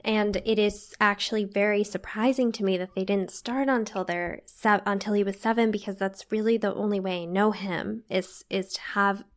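A woman interviewing a guest, asking gentle, searching questions with halting phrasing. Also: mid-range voice, steady tone.

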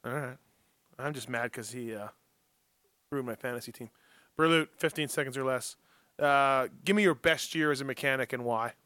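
A man hosting a casual radio talk show, joking and running a quick-fire timed segment. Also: mid-range voice, sharp tone, clear, resonant tone, no echo, clean studio sound. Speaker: podcast host.

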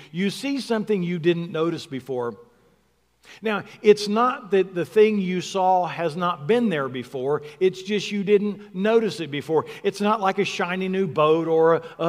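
A man's voice: on the high side, big-room sound. A man preaching a sermon in a reflective, conversational way, repeating words to stress a point.

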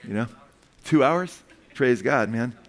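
A pastor preaching a sermon in a casual, conversational way. He often checks in with the congregation by asking "amen?" and swings between loud emphasis and quiet, hushed lines. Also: medium pitch, expressive, slow. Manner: conversational preaching, frequent "amen?" call-outs.

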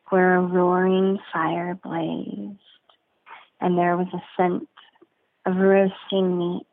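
A woman tells a folk tale slowly and deliberately, lingering on each detail. Her voice is low with a gravelly edge. The sound is dry and squeezed into a narrow band, like a phone line. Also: no echo. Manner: slow, deliberate, rich sensory detail. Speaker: storyteller. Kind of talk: told folk story, guided narration.

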